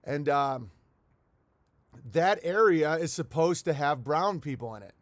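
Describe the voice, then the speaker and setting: A man hosting a livestream from his home in the countryside, talking loosely to his chat. His voice sits a little high and he swears freely, drifting from thought to thought. The sound is close and dry, with no room around it. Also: expressive, a little slow, no room sound. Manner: rambling, profane, reads viewer letters aloud. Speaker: livestream host.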